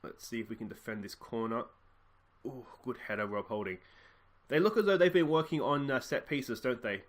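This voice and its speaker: This let's play host has a mid-range voice and speaks at a normal speed. He commentates casually on his football management game, chatty and musing, with occasional bursts of excitement as he reacts.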